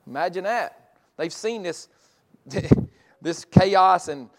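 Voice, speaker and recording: A man preaching a sermon, reading scripture aloud and explaining it with lively football talk. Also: high-pitched, slow pace. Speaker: pastor.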